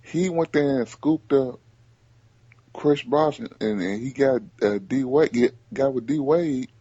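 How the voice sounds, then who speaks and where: A man hosting a casual sports podcast, talking in animated bursts and repeating himself as he makes his point. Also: medium pitch, slow, breathy edge, no room sound, lo-fi sound. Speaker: podcast host.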